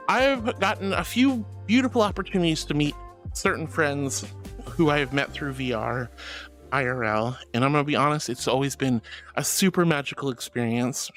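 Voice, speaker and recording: High, lively, gushing male streamer. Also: normal speed, soft background music. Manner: gushing and affectionate, calls viewers sweetie and honey; excitable, gasps and laughs often. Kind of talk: casual chat reading viewer messages.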